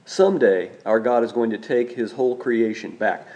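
A man delivers a sermon in a measured manner, slowing down and repeating key phrases for emphasis. His voice is medium-pitched and mellow.

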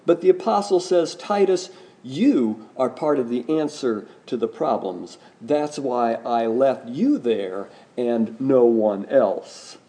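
A man's voice: mid-range voice, lively intonation, slow pace, mellow. A male pastor delivering a sermon, emphatic and questioning the congregation directly. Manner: emphatic preaching with rising, pointed questions.

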